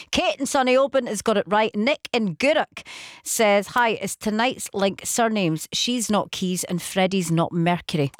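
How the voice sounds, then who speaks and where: A woman's voice: mid-range voice, no room sound, clean studio sound. Chatty woman on radio. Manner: chatty, reads out listener messages. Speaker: radio presenter. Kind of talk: late-night radio phone-in chat. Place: radio studio. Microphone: studio microphone.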